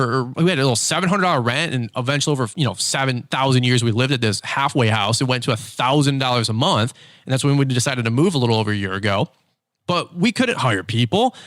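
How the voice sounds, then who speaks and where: A man's voice: on the high side, a bit bright, no room sound, clean studio sound. A man hosting a business podcast, talking candidly and emphatically in repeated punchy phrases. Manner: emphatic, repetitive, confessional. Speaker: podcast host.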